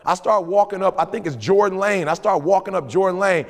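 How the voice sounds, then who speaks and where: A man co-hosting a podcast, giving motivational advice in casual talk, telling stories with animated emphasis and repeated phrases. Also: high-pitched, a little fast, long reverb tail. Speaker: podcast co-host.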